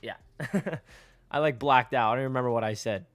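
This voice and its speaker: A young man from the United States hosting a casual live stream, chatty and rambling, answering viewers and now and then breaking into excited yells. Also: mid-range voice, brisk, dry recording. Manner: excitable, rambling, bursts into yelling.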